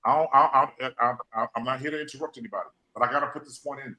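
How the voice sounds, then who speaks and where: A man's voice: medium pitch, rapid-fire, sharp tone, rough recording. A man hosting a podcast, speaking, repeating phrases and using folksy slang. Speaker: podcast host. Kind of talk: emotional motivational talk.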